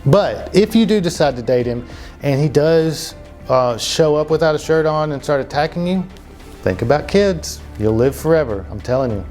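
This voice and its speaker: A man's voice: on the high side, a little mellow. A man hosting a comedic true-crime podcast, telling the story in a loose, profane way full of fillers and asides. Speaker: podcast host.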